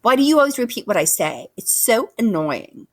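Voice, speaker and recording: A woman voices a bossy, sarcastic young female bear who snarls her threats, pitching the character above her own voice. Her delivery sits on the high side with big pitch swings at a normal speed. The recording is dry and studio quality.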